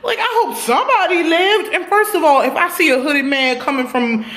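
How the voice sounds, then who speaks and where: A woman reviewing a TV episode in a casual vlog, animated and profane, talking straight to her viewers. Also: high voice, fairly quick.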